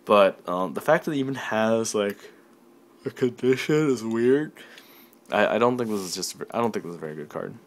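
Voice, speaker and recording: A man's voice: on the low side, animated, moderate pace. A tired young man casually reviewing trading cards from his desk, rambling and self-deprecating. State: tired and yawning. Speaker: card game reviewer. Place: home desk.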